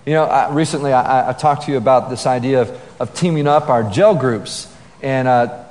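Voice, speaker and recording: Pastor preaching in a reverberant hall. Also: male voice, medium pitch, normal speed, a little mellow. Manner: conversational storytelling with frequent fillers and restarts. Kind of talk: sermon.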